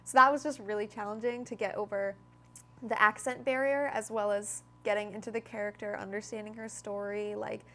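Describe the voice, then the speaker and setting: A woman's voice: medium pitch, fairly even intonation, brisk, sharp tone. A young adult woman talking as an interview guest about her acting, bubbly and full of "like" fillers. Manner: bubbly, lots of "like", laughs while talking. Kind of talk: casual interview chat.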